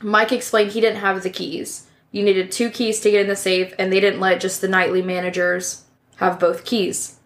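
A woman's voice: medium pitch, flat delivery, normal speed. A woman hosting a true crime podcast, reading a case from notes in a casual way with asides and self-corrections.

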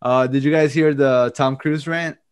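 A man's voice: medium pitch, steady tone, moderate pace, smooth. A man hosting a casual podcast chat, talking loosely and profanely and laughing often. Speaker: podcast host.

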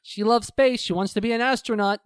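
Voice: medium pitch, steady tone, fairly quick, clear, resonant tone, no echo. Profane rambling co-host in a dry room. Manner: profane, rambling, acts out quotes in put-on voices. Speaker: podcast co-host recapping a show. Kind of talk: casual chat.

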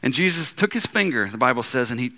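A man preaching a sermon as pastor, animated, with frequent repeats and restarts, swinging between loud emphatic lines and low, soft ones. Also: fast talker, background noise.

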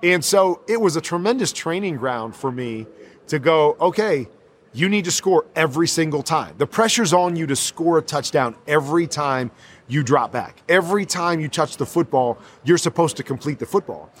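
A man's voice: fairly high pitch, animated, normal speed, a little hiss or hum. A man, a former quarterback, talking casually in an interview and animatedly acting out what people said to him.

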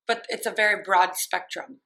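A woman from Ohio, a cosmetologist working as a barber, talking as a podcast guest in an animated, chatty, self-mocking way, laughing often, close on a studio microphone. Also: medium pitch, moderate pace, low-quality recording. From Ohio, USA. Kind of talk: casual podcast interview.

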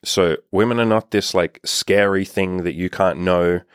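Low-voiced blunt male dating coach. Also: steady tone, measured pace, smooth, dry recording, studio quality. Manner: blunt, profane, lots of "like" fillers. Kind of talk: casual monologue advice.

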